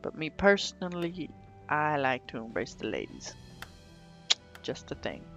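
Gamer man, jokey rambling commentary, gravelly voice swinging up and down, quiet music behind. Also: a little high, big pitch swings, measured pace, lo-fi sound. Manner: goofy, rambling, jokey asides. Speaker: let's play gamer. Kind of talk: casual gameplay commentary. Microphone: desktop microphone.

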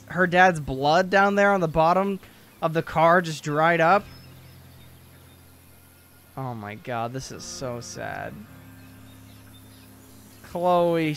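A man's voice: high voice, fairly bright tone, clear, resonant tone. A man hosting a let's play, reacting emotionally and sympathetically as he comments on the game.

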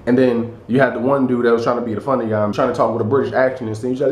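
A young man chatting casually to the camera in his bedroom, animated and slangy, laughing as he tells stories. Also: mid-range voice, racing, hardly any pauses. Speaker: vlogger. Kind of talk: casual vlog chat. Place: bedroom indoors. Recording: echoey room with faint noise.

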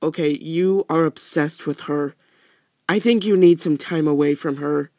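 A man's voice: a little high, unhurried, a little mellow, dry recording. A man hosting a let's play, giving casual commentary and teasing the game's characters.

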